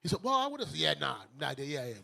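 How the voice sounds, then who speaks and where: Fast, bright-voiced man telling stories. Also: a little high, gravelly. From Brooklyn, New York. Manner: animated, joking, often laughs mid-story. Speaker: host and bishop. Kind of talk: casual storytelling.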